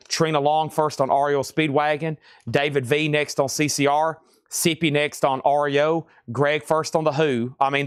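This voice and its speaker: A man hosting a live online vinyl record sale, calling out titles, prices and bids in quick patter. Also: fairly high pitch, smooth, no echo, clean studio sound. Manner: rapid-fire auctioneer patter, hums tunes. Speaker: host. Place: record shop.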